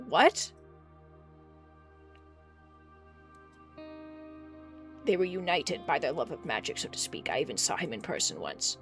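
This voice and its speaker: A streamer voicing a scheming old crone merchant in a game, sly and mocking, with a drawn-out delivery. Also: mid-range voice, fairly bright tone. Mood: knowing. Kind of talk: reading game dialogue aloud.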